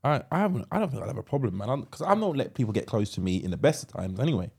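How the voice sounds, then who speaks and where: A man's voice: medium pitch, very animated, racing, creaky, a little mellow, breathy edge. A man co-hosting a podcast, chatting casually, often repeating words and teasing his co-host. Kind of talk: casual chat.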